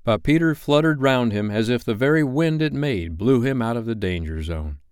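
A man reading a classic novel aloud as a bedtime story, measured and expressive. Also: mid-range voice, smooth, no room sound, studio quality.

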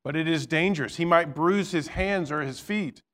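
A man's voice: a little high, normal speed, fairly bright tone, close to an everyday voice. A man reading the lines of a wealthy, proud male king from the east in a storybook, earnest and given to stammering protest. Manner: earnest, stammering when shaken.

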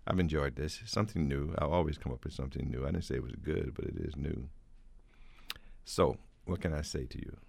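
Deep gravelly folksy male radio host. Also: darkish tone, no room sound. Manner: folksy, halting, with repeated thanks and blessings. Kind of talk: casual music-show hosting.

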